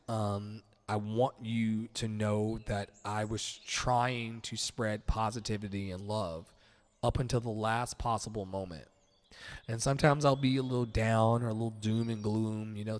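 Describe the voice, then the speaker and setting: A man hosting a casual late-night livestream from home, chatting in a loose, rambling, candid way and swearing freely. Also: lowish voice. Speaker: livestream host.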